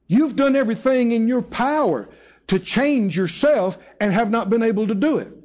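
A man's voice: very high voice, expressive, moderate pace, darkish tone, lo-fi sound. A man preaching a sermon to a live congregation, emphatic and call-and-response, drawing out key phrases and acting out quotes as he tells stories. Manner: storytelling with voiced quotes. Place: church hall with live audience.

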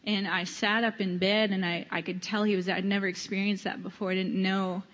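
A woman minister giving an earnest, measured personal testimony. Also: medium pitch, little pitch movement, a bit bright. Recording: dull recording in a reverberant hall.

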